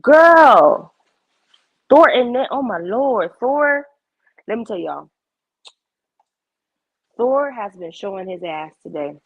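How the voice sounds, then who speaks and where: A young woman chatting casually on a livestream, blunt and animated, cursing freely. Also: fairly high pitch, slow, pauses often, no echo, muffled recording.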